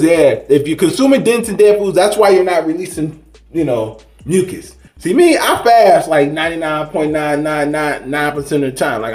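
A man's voice: a little high, a little mellow, roomy sound. A man giving a rambling, preachy spiritual monologue in a casual vlog, full of slang and restarts. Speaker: spiritual vlogger.

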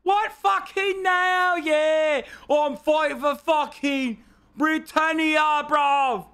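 A man putting on a loud, swearing young British lad caricature with a mock British accent. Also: very high voice, fairly even intonation, slow pace, voice pushed up, exaggerated voice. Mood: boisterous. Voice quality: swearing, boisterous, shouty.

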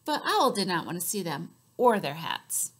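Animated woman reading aloud to kids. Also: fairly low pitch, normal speed. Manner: animated, sing-song, with sudden shouts and whispered asides. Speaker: children's librarian. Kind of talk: story time read-aloud. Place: library.

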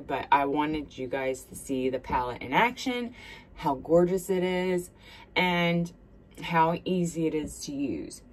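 A woman's voice: deep voice, a little hiss or hum. A woman in her thirties from South Carolina with a thick Southern accent, chatting in a rambling, friendly way to her viewers while doing her makeup, recorded on a smartphone. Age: 30s. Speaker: beauty vlogger. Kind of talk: casual get-ready-with-me chat.

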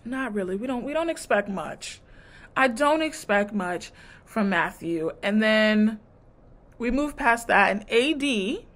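Sassy woman recapping a show. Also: mid-range voice. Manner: sassy, animated storytelling with mimicked quotes. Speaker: vlogger reviewing a dating show. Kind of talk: casual chat.

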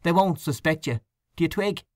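A scornful, complaining male canvasser in a spoken storybook, as a man reads him. His pitch swings widely as he gossips and grumbles, and the recording is dry and close. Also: expressive, normal speed, no echo, natural voice.

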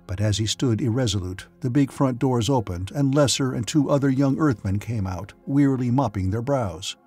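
A man's voice: medium pitch, normal speed, darkish tone, breathy edge. A man narrating a science fiction audiobook with dramatic storytelling. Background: faint music.

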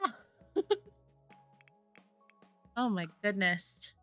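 With soft music in the background, a woman plays a life-sim game on stream and talks through a desktop USB microphone. Her medium-pitched voice is expressive, pushed and bright, with drawn-out words, and she pours out thanks to her chat in casual commentary.

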